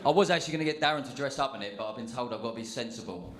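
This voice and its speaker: A man's voice: medium pitch, racing, a bit bright. A man giving his best man's speech at a wedding reception, jokey and chatty, with many fillers and asides. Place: wedding reception venue, indoors. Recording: echoey reception hall.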